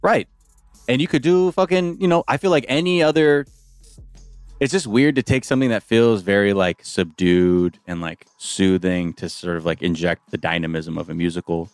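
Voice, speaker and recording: A man's voice: lowish voice, moderate pace, clean tone, no room sound, soft background music. A male podcast host chatting casually and joking, often slipping into playful voices. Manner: joking, animated, playful impressions. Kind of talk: casual chat.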